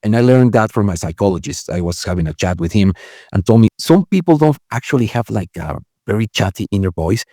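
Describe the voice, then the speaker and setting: A man talking as an interview guest, acting out inner voices with big swings in pitch and often repeating and correcting his words. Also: lively intonation, brisk, dark tone, dry recording, studio quality. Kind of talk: conversational interview.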